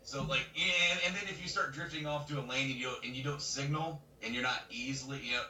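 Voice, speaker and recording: A man co-hosting a podcast, telling a story in casual chat, animated and laughing as he acts out other people's lines. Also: mid-range voice, fast. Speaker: podcast co-host. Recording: roomy webcam mic from a distance, faint noise.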